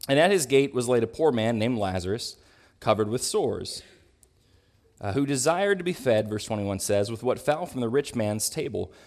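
Man preaching in a thoughtful, conversational way. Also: medium pitch. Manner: thoughtful, clears throat, pauses to correct himself. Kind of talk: conversational Bible teaching.

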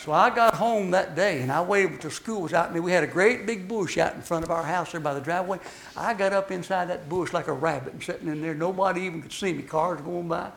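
A man preaching a sermon, telling folksy stories with emphatic swings between loud and hushed delivery. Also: sits high, brisk, gravelly, a little hiss or hum.

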